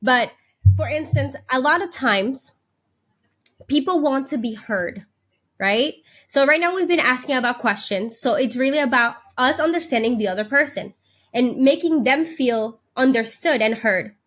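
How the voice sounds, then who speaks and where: A woman's voice: high voice, lively intonation, normal speed, a bit bright. A woman hosting a podcast, talking conversationally and setting up questions for her guest, checking in with "right?". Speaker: podcast host. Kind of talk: casual interview talk.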